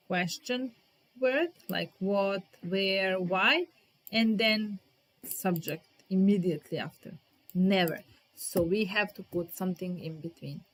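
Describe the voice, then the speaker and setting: A woman's voice: fairly low pitch, fairly bright tone. Patient woman teaching grammar. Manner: patient, repeats example sentences slowly; talks to viewers in the chat by name. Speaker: English teacher. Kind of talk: live-streamed grammar lesson.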